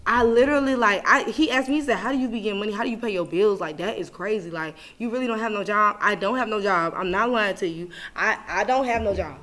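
A young woman hosting a podcast, venting in casual chat, animated and profane, swinging from loud outbursts to low muttering. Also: fast talker, hardly any pauses. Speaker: podcast host.

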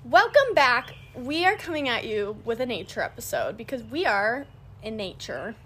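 A woman's voice: a little high, big pitch swings, moderate pace, bright, forceful tone, husky. A young woman co-hosting a podcast outdoors, upbeat and giggly in casual chat. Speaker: podcast co-host. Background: birds chirping.

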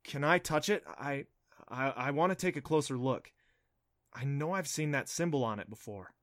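A man's voice: medium pitch, moderate pace, fairly bright tone, no echo, clean studio sound, close to an everyday voice. A man voicing a curious, eager young boy who cracks jokes, in an audiobook reading.

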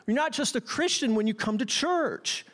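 Middle-aged pastor guy preaching, kinda high voice, jumps all over the place, jokes with the crowd. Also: expressive, normal speed, fairly bright tone. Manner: playful, talks straight to the congregation. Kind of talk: sermon.

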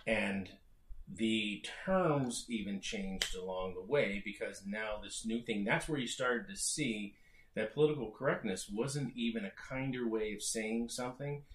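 A man's voice: fairly low pitch, a little slow, a little hiss or hum. A middle-aged man co-hosting a podcast, explaining at length and often restarting his phrases. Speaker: podcast co-host. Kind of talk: casual discussion. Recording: roomy echo.

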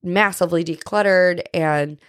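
A woman's voice: on the low side, steady tone, moderate pace, smooth, no room sound, clean studio sound. A woman hosting a podcast in casual faith talk, chatty and earnest, often asking "right?" and saying "like". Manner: earnest, confessional. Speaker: podcast host.

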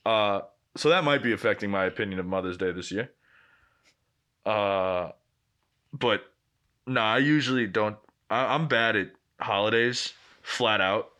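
A man's voice: lowish voice, measured pace, bright, forceful tone. A young man co-hosting a podcast, telling a story in casual chat with blunt, profane language. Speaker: podcast co-host.

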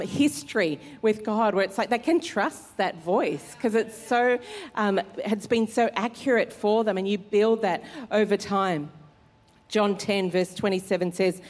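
A woman pastor, preaching a sermon in an earnest, conversational way with fillers. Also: medium pitch. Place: church service hall. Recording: long hall reverb in church.

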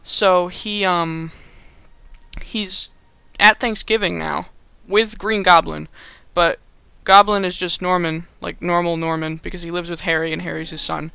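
Bright, high-voiced young man rambling. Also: fairly even intonation, unhurried, vocal fry, clean tone, no echo. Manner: rambling, filler-heavy, amused. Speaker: host. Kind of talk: casual comedic movie recap.

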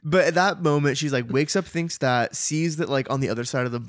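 A man co-hosting a podcast, retelling a book in a joking, animated, casual way. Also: on the high side, brisk, no echo, clean studio sound. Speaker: podcast co-host.

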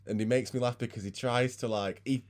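A man's voice: mid-range voice, steady tone, fairly quick, darkish tone. A young man, chatting casually as a podcast co-host and telling sweary, laughing stories. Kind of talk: casual chat.

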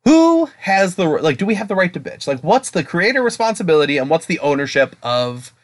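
Male podcast co-host, young adult, high-ish voice, rambling and profane. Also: sing-song, brisk. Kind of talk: casual podcast chat.

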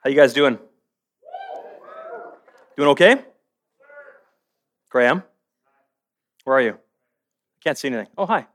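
A man giving a sermon at a church service to a live audience. He jokes with the crowd and then preaches earnestly, swinging between hushed and forceful. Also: medium pitch, lively intonation, takes it slowly, pauses often, dry recording. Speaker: guest speaker.

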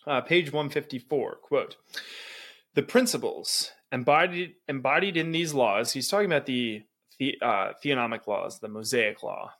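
A man's voice: mid-range voice, moderate pace, fairly bright tone. A man co-hosting a podcast, reading book passages aloud and commenting on them emphatically, often asking "right?" and laughing between points. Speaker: podcast co-host.

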